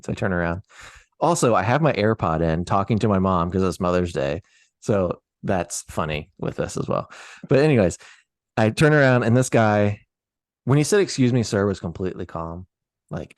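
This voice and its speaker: A man telling a story on a podcast in a casual, animated, profane way. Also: fairly low pitch, dry recording, studio quality.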